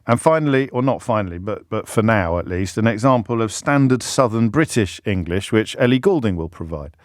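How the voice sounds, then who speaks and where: A man's voice: on the low side, expressive, fairly quick, dry recording. A middle-aged man hosting a radio phone-in, chatty and teasing, talking in a radio studio. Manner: chatty, teasing, self-mocking.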